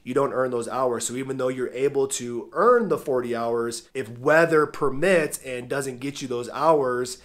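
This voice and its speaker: A man's voice: mid-range voice, unhurried, hardly any pauses, a bit bright. A man hosting a casual vlog, talking straight to his viewers in a friendly, informal way, with a nasal, congested voice from a cold. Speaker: vlog host.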